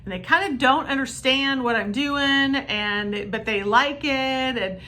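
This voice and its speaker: A woman massage therapist telling a story to camera in a chatty, animated way, talking straight to her viewers. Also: sits high, measured pace. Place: her treatment room.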